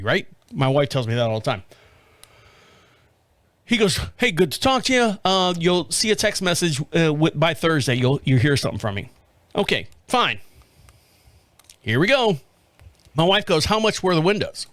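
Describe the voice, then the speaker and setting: Animated man telling a story on a podcast. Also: fairly high pitch, no echo. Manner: animated, acts out quoted voices, laughs often. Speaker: podcast host. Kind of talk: casual storytelling monologue.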